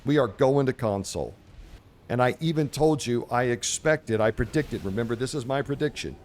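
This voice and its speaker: A man's voice: medium pitch, expressive, normal speed, darkish tone, a little hiss or hum. A man hosting a casual game commentary video, brash and profane, slipping into mock-preachy pronouncements. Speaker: host.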